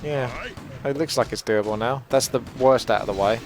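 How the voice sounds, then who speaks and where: A man's voice: mid-range voice, normal speed. A young man talks through his match as he plays, chatty and playful, cracking small jokes while he weighs each move. Faint game music hums along behind his voice. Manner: chatty, jokey, thinks aloud while playing. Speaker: gaming channel host. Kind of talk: live gameplay commentary.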